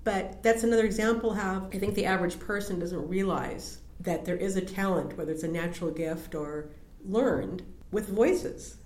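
A woman's voice: lowish voice, moderate pace, darkish tone. A woman interviewer telling chatty anecdotes in a library study room. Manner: chatty anecdotes, laughs easily. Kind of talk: casual chat. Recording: roomy echo.

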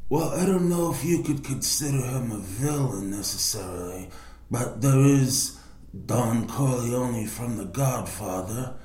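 Speaking at a measured pace in a darkish, mid-range voice, a male voice actor guests in a library study room to explain how to read well. He coaches and demonstrates reading aloud, and the room lends a noticeable echo.

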